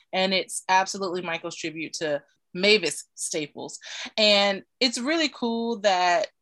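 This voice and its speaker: A woman's voice: on the low side, fairly bright tone. A woman co-hosting a casual podcast, enthusiastic and repeating her words. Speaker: podcast co-host. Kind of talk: casual chat.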